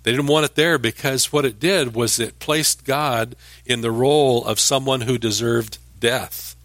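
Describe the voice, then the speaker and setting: A man's voice: medium pitch, fairly even intonation, a little slow, a bit bright, dry recording. A man teaching scripture, dry close sound. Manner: explanatory, with restarts and emphatic rises. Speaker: Bible teacher. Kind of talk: verse-by-verse Bible teaching.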